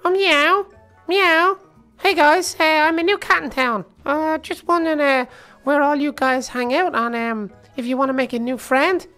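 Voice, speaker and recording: A man putting on a high, hesitant fake cat voice. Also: normal speed, sharp tone, faint music behind. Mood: sneaky friendly. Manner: meows and hesitant fillers. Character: boy turned cat faking a friendly stray cat.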